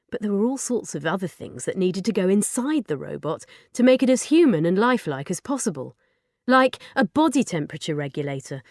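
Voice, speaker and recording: Female narrator, children's audiobook, lively, dry studio sound. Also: mid-range voice, dry recording. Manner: lively storytelling, animated.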